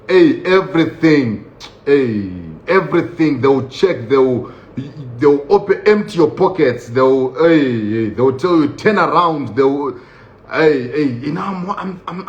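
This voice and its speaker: Laughing man telling a story, roomy dull sound. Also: medium pitch. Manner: animated, laughing, acts out voices of others, many fillers. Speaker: vlogger recounting his prison experience. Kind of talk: casual storytelling monologue. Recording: dull, roomy recording with faint noise.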